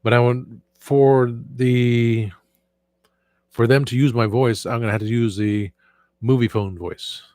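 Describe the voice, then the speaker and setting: A man with a sore, hoarse voice hosting a casual livestream and rambling with frequent restarts. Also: medium pitch, steady tone, a little slow, darkish tone, dry recording. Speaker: show host.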